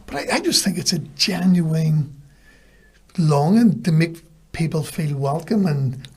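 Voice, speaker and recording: A man's voice: a little high, expressive, unhurried, slightly rough. A man with a Northern Irish accent, a podcast guest telling casual stories and acting out the lines people said to him. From Belfast, Northern Ireland. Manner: anecdotal, acts out quoted lines. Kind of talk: casual storytelling.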